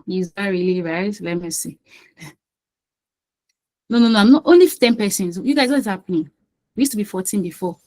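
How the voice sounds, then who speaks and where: A woman's voice: medium pitch, a little mellow, low-quality recording. A woman running a quiz over a video call. She talks in a chatty, coaxing way and often repeats phrases. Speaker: quiz host and session facilitator. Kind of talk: casual online quiz session.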